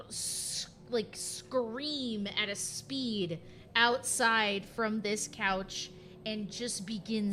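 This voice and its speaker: A woman's voice: on the high side, bright, forceful tone, a little hiss or hum. A woman playing a tabletop role-playing game, chatty and giggly, describing her cat character's actions. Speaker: player. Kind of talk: casual tabletop play.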